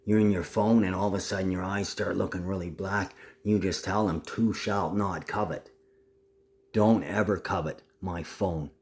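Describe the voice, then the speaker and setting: A man's voice: low voice, steady tone, normal speed, hardly any pauses, darkish tone. A man recording a rambling, profane video message to his family. He is agitated, jumps between topics and keeps slipping into a mock Aussie twang.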